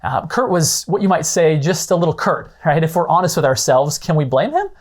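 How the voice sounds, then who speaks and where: A man's voice: a little high, big pitch swings, brisk. Man teaching real estate referrals. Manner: explanatory, slightly dramatized role-play of callers. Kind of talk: instructional talk with acted phone-call examples.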